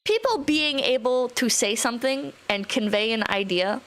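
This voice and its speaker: A woman's voice: on the high side, normal speed, a bit bright. Rambling, sweary young woman streamer. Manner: rambling, swears, reads out chat. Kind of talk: casual live-stream chat.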